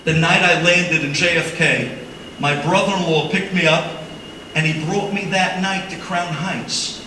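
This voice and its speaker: A man's voice: a little high, fairly even intonation, a little slow, bright, forceful tone. A man voicing an elderly immigrant grandfather who speaks earnestly and with emotion, recorded from far off in an echoey hall with background noise. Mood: remembering. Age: older.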